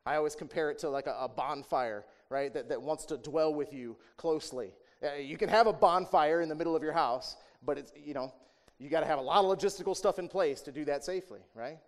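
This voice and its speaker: This pastor's voice is a little high and his delivery brisk. He preaches conversationally, asking rhetorical questions, ending lines with "right?", and switching between raised, emphatic sections and quiet asides.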